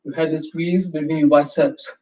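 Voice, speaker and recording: A man leading a live yoga class, giving calm, slow, step-by-step cues with prompts to breathe. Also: a little high. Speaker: yoga instructor. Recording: roomy, distant, slightly dull sound.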